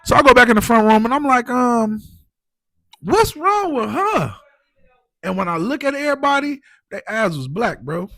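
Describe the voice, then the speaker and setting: A man telling his own story as a podcast guest, animated and emotional, full of "like" and "you know what I'm saying". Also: very high voice, brisk, few pauses, dry recording. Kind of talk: casual storytelling.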